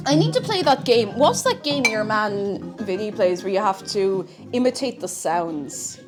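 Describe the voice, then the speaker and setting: A woman's voice: mid-range voice, sing-song, measured pace, hardly any pauses, music in the background. A woman chatting casually and giggling while cooking at home on a live stream. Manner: chatty and giggly, breaks into silly noises.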